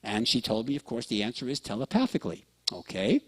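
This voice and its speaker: A man's voice: medium pitch, big pitch swings, quick pace, husky. A man giving a lecture to an audience, telling stories and often checking in with listeners. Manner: storytelling, acts out quoted dialogue; addresses listeners with frequent check-ins.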